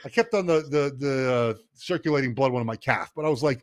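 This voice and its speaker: A man's voice: mid-range voice, brisk, hardly any pauses. Chatty man hosting a casual podcast. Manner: chatty, rambling with many fillers and restarts. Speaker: podcast host. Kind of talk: casual chat.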